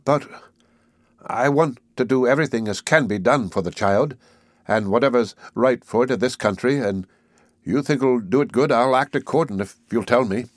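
A lonely, timid weaver speaks quietly and hesitantly, as a male audiobook reader voices him. The voice is low and subdued, close to the reader's own middle pitch. It is recorded very dry and close. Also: normal speed, no echo, lightly acted. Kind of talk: audiobook character voice.

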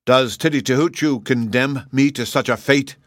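A man voicing a boastful old gnome king who talks in a loud, bragging, indignant way. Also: mid-range voice, moderate pace, dry recording, clean studio sound, voice pushed up, natural voice. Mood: defiant.

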